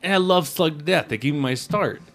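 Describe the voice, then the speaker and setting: A man's voice: on the high side, fairly quick, fairly bright tone, soft background music. Emotional, stammering man in casual chat. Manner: emotional, stammering, heavy swearing. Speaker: film critic guest.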